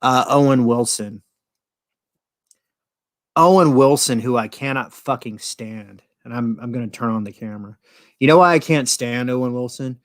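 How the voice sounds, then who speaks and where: A man's voice: mid-range voice, normal speed, no room sound. A middle-aged man hosting a casual live stream, rambling and jokey with crude language. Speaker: host.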